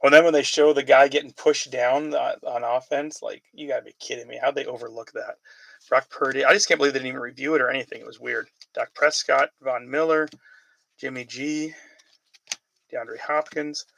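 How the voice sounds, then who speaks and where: Gravelly man chatting through a card break. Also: mid-range voice, fairly even intonation, fairly quick, a bit bright, no echo, low-quality recording. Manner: chatty, calls out player names while reading questions from viewers. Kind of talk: casual live card-break chat.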